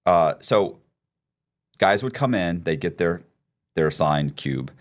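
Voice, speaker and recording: Low-voiced man telling a prison story. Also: slow pace. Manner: animated storyteller, acts out quoted dialogue, frequent restarts. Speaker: podcast co-host, former prisoner. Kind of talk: casual storytelling chat.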